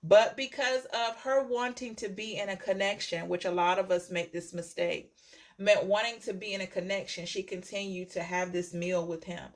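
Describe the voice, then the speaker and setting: A woman's voice: mid-range voice, fairly even intonation, moderate pace. A woman tarot reader telling a story to her viewers in a chatty way, often checking in with "okay?" and repeating phrases.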